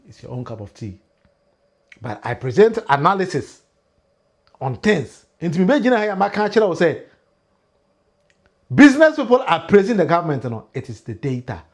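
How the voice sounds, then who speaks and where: A Ghanaian man hosts a political livestream, delivering animated commentary in a mix of Twi and pidgin English, with emphatic rises and frequent laughter. His voice is on the high side, at a moderate pace with frequent pauses.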